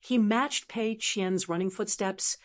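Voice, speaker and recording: A woman giving scripted audiobook narration in an even, measured reading. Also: mid-range voice.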